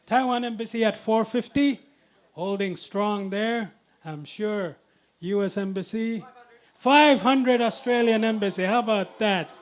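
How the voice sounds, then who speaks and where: A man with a high voice calls bids at a live charity auction and speaks slowly, drawing out each number. He teases the bidders in a jovial way while speaking into a handheld microphone.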